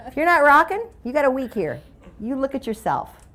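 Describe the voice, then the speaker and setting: A middle-aged woman speaker telling a funny story to an audience. Her voice sits a little high, and her delivery is animated and playful. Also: moderate pace. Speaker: motivational speaker. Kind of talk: humorous keynote storytelling.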